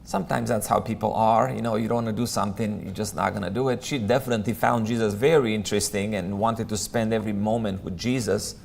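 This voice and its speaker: A man's voice: fairly low pitch, steady tone, fast, vocal fry, hardly any pauses, a little mellow, slight background noise. A man teaching a Bible class in a church, talking casually with lots of ums and friendly asides. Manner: conversational, many ums, chatty asides. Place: church room.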